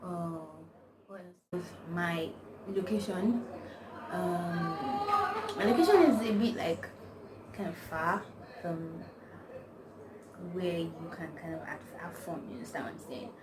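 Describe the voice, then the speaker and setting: A young woman talks casually to her vlog audience, sprinkling in Pidgin and Yoruba. She sits a little away from the microphone. The room rings with echo and steady background noise. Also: lowish voice, measured pace, pauses often, recorded from a distance. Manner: chatty, mixes in Nigerian Pidgin and Yoruba phrases. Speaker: vlogger. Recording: echoey room, from off mic, noisy.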